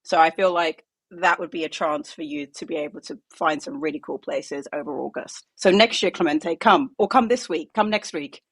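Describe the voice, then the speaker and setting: A woman's voice: sits low, normal speed, hardly any pauses, a bit bright, slightly rough, no echo. A woman co-hosting a podcast, chatting in a playful, upbeat way and reading a market news roundup. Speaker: co-host.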